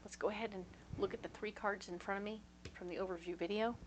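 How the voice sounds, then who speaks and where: A woman's voice: medium pitch, fairly even intonation, fast, slight background noise, rough recording. Chatty, reassuring woman reading tarot. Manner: chatty, reassuring, checks in with listeners; storytelling with acted-out voices. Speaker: tarot reader. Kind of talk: casual tarot reading to camera.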